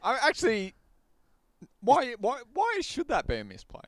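A man co-hosting a casual podcast, reacting with lively swearing and disbelief. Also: extremely high pitch, moderate pace, dry recording. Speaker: podcast co-host.

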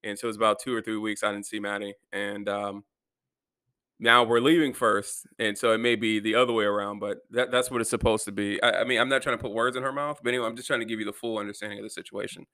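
Fast-talking young man venting. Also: lowish voice, steady tone, pushed and bright, dry recording. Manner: rambling, profane, venting. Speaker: vlogger. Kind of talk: candid personal monologue.

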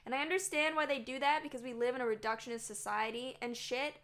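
A woman's voice: high-pitched, steady tone, fast talker, a bit bright. A woman co-hosting a casual political chat podcast, sarcastic, swearing and laughing often. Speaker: podcast co-host.

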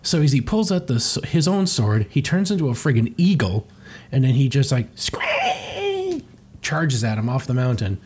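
A man's voice: mid-range voice, animated, fairly quick, a little mellow, breathy edge. A man reading through a comic and commenting sarcastically, swearing casually. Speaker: comic reviewer.

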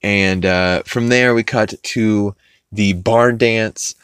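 A man's voice: fairly low pitch, steady tone, fairly bright tone, clear, resonant tone, dry recording, clean studio sound. A man hosting a podcast, rambling through a casual recap of a cartoon episode and swearing freely. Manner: rambling, quotes characters in quick put-on voices, swears freely.

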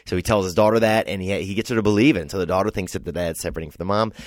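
A man's voice: deep voice, very fast, no room sound, studio quality. A young man from Louisiana, a comedian guest, chatting casually and telling rambling stories, sometimes doing voices for the people in them. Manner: rambling, storytelling, animated voices for quoted people. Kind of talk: casual podcast chat.

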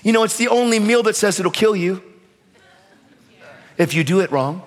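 A high-pitched male preacher delivering a fervent sermon, his voice ringing with a long hall reverb. He swings between shouted exhortations and quick, quieter storytelling, and his passion runs through every line. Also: lively intonation. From United States.

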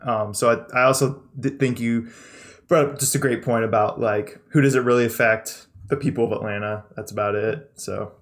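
A man co-hosting a casual podcast, talking in halting, filler-heavy sentences. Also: mid-range voice, steady tone. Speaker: podcast co-host.

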